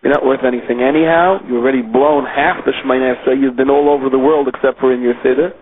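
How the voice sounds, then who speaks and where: A man's voice: medium pitch, fairly even intonation, fast, slight background noise, natural voice. A man voicing the evil inclination as a snake that sneers and discourages, heard over a tinny phone line. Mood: discouraging.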